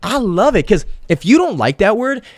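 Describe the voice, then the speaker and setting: A man running a solo podcast in a loose, profane, rambling way. His voice sits a bit high for a man and is recorded close and dry, with no room sound. He drops into quiet muttering, then jumps up loud and eager when he pitches something. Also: very animated, moderate pace, no echo. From Minnesota. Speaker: podcast host. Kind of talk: casual solo podcast monologue.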